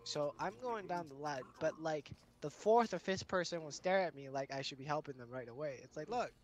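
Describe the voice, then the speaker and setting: A man's voice: a little high, expressive, a little fast. A man chatting with friends while gaming, rambling on with lots of fillers. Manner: rambling, filler-heavy talk. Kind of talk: casual chat over voice chat. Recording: clear noise behind the voice.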